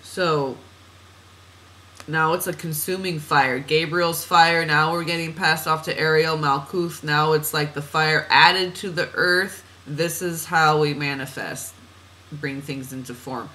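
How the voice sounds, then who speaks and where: A woman's voice: sits low, steady tone, a little slow, pushed and bright, low-quality recording. A woman reading oracle cards for a client in a chatty, meandering way, laughing at herself and drifting off on tangents. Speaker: oracle card reader. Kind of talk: spiritual card reading monologue.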